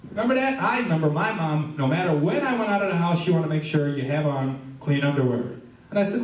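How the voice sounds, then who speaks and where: High-voiced comedian in an echoey hall. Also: male voice, animated, fast. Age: middle-aged. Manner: joke-telling, chatty, asks the crowd questions. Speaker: stand-up comedian. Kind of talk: stand-up routine with audience banter. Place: live stage before an audience. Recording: echoey room, heard from far off.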